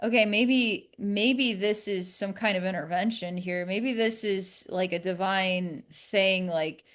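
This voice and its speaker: A woman speaking as a podcast guest, telling a personal story candidly in a reflective, halting way with many restarts. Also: medium pitch, fairly bright tone.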